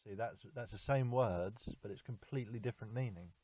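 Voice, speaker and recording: A man's voice: fairly low pitch, fairly quick, dark tone, breathy edge. A young man recording a heartfelt love message to his girlfriend, earnest and repetitive, stumbling over fillers. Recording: tinny phone-like recording.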